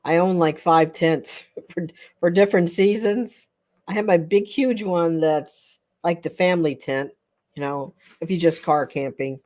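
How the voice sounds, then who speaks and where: A woman's voice: on the low side, unhurried, a little mellow. An older woman hosting a casual livestream chat with viewers, chatty and rambling, often breaking into laughter. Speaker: livestream host.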